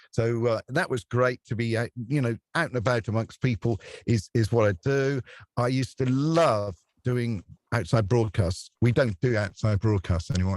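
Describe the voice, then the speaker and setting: A male radio presenter rambles happily through anecdotes, laughing often and slipping into little put-on voices. His pitch sits in the ordinary middle for a man. The sound is close and dry, with almost no room. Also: no echo. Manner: chatty storyteller who laughs often and acts out voices. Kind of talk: relaxed anecdotal interview chat.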